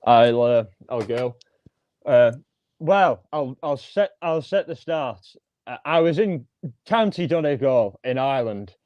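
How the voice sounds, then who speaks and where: A man telling a personal paranormal story on a live group call, rambling and halting with frequent restarts. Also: medium pitch, animated, no room sound, lo-fi sound.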